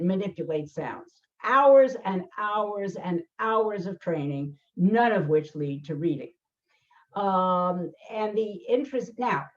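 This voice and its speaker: An older woman, a learning specialist hosting a conversation, explaining emphatically with many fillers and restarts. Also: medium pitch. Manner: emphatic, acts out quoted voices, frequent fillers and restarts. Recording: dull lo-fi sound.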